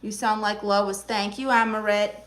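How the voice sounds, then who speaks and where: Sassy bright-voiced Brooklyn woman. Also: medium pitch, flat delivery, normal speed. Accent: Brooklyn New York. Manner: sassy, teasing, flirtatious. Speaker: livestream host playing an aunt therapist. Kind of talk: live stream chat reading.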